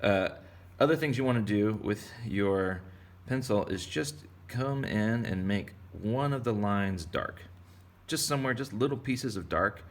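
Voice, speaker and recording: A man's voice: lowish voice, expressive, unhurried. A man from Texas giving a casual drawing lesson for kids, rambling and playful as he goes. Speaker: art teacher.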